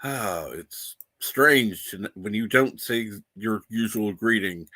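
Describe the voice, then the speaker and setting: A man's voice: lowish voice, slow pace, bright, forceful tone, no echo. A man hosting a casual livestream, reading the chat aloud and laughing often. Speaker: livestream host.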